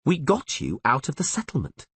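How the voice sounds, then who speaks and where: Man voicing a blunt outlaw boss, curt, lively pitch, husky. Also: normal speed, no room sound, full character voice. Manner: curt, pressing questions. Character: brusque male gang leader, blunt and commanding.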